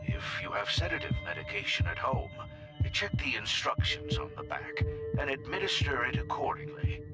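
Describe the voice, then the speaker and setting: Actor as a formal doctor on the phone, measured and polite, music clear behind. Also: male voice, on the high side, monotone, lightly acted.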